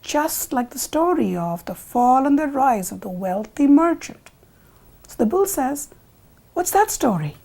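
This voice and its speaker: A woman narrating a folk tale for a television program, expressive and animated. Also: sits high, measured pace, creaky. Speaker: storyteller.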